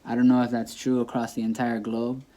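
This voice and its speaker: A man's voice: mid-range voice, monotone, a little fast, dark tone. Patient man teaching a language lesson. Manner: patient, repetitive, demonstrates pronunciation by saying words aloud. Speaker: Spanish teacher. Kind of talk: classroom-style lesson explaining grammar.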